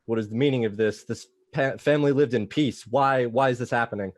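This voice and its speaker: A man's voice: medium pitch, a little fast, no room sound, studio quality. A man playing a tabletop game, asking questions in a hesitant way. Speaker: player.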